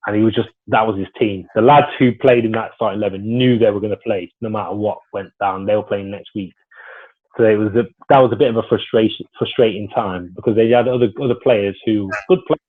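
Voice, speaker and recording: Speaking in a lowish, husky voice, this ex-footballer rambles through anecdotes with plenty of false starts. It's a relaxed storytelling interview, and the sound has a thin, phone-like quality.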